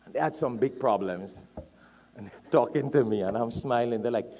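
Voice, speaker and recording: A man's voice: medium pitch, moderate pace. A man from Trinidad preaching a sermon, telling stories with emphatic repetition. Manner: animated storytelling, emphatic repetition. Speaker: Islamic preacher.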